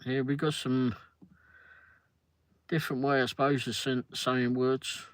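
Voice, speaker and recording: A man's voice: mid-range voice, little pitch movement, a little slow, no echo. An older man hosting a livestream, chatting casually in a rambling way while reading viewer comments, often laughing. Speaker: livestream host.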